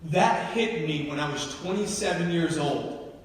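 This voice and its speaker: A man's voice: fairly high pitch, measured pace, slight background noise. Man telling stories to a hall. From New Jersey. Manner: emotional storytelling, questions to the audience. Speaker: motivational speaker. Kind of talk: live motivational speech. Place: large hall with an audience. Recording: echoey hall, from far off.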